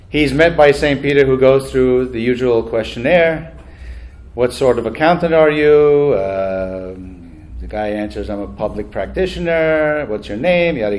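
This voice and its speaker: A man's voice: mid-range voice, a little mellow. A man acting as master of ceremonies at a banquet, telling jokes in a chatty, self-deprecating way and laughing at his own punchlines. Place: banquet hall.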